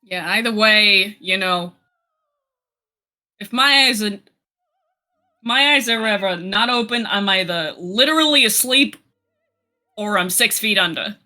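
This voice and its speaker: A woman's voice: medium pitch, expressive, measured pace, long pauses, bright, forceful tone, soft background music. A woman playing a tabletop game, joking around and slipping into a put-on New York accent. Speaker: player. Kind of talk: casual tabletop chat.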